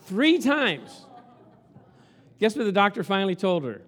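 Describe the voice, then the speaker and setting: A man's voice: sits high, a little slow. A man preaching a sermon as pastor, telling stories and acting out quotes with lots of passion. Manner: animated, storytelling with acted-out quotes.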